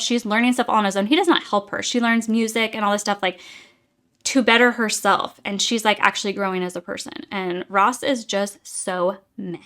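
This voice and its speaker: A young woman rants through a casual book review, chatty and exasperated. She fills her talk with little fillers, and her pitch sits in a middle range. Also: steady tone, normal speed, fairly bright tone.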